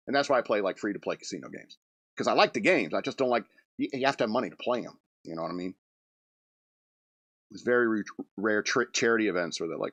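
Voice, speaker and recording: A man's voice: on the low side, very animated, fast talker, fairly bright tone, dry recording. A man hosting a comedy radio show, rambling through a loose monologue with restarts and chuckles.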